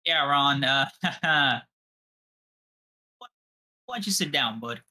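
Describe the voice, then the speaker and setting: Brash, bright-voiced young man. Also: medium pitch, lively intonation, slow pace. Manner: brash, profane trash talk. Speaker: podcast co-host. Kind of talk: casual livestream chat.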